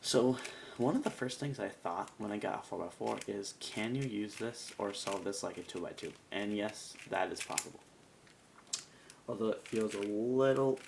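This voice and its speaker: Male reviewer, gravelly and animated, casual rambling delivery, noisy recording. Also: lowish voice, moderate pace. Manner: rambling, chatty, self-mocking asides. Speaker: cube reviewer.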